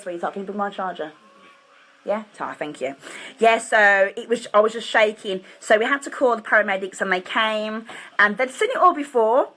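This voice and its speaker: A woman's voice: medium pitch, bright, forceful tone, low-quality recording. A woman, hosting a casual live stream from home on her phone and confiding in her viewers in an earnest way.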